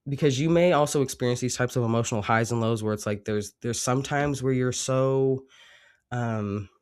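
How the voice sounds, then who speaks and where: A man with a medium-pitched, smooth voice speaks at a moderate pace, sounding congested from a cold. He gives a casual tarot reading that rambles and turns reflective, full of fillers.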